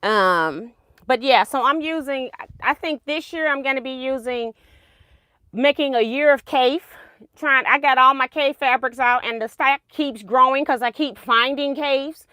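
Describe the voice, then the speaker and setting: A woman's voice: sits high, measured pace, pushed and bright, clean tone, no echo, clean studio sound. A woman hosting a casual quilting livestream, chatty and rambling, laughing at her own mistakes.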